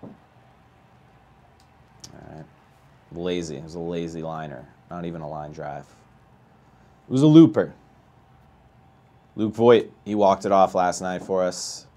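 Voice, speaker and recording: A man playing a baseball video game live, chatting with viewers and ranting with a voice that climbs high when he gets outraged. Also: measured pace, long pauses, mellow. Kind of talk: live gameplay commentary and chat.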